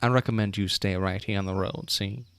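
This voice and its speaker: A man's voice: fairly low pitch, fairly even intonation, brisk, clean tone, no room sound, lightly acted. A man voicing a street-smart male cat mobster who ends his threats with "see?", heard over a video call. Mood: menacing. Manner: gangster drawl ending lines with "see?".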